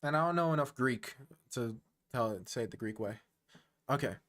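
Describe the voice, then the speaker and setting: A man streaming online chess, chatting casually and thinking aloud, quick to make fun of his own play. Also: medium pitch, expressive, a bit bright. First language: English. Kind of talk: casual live-stream commentary.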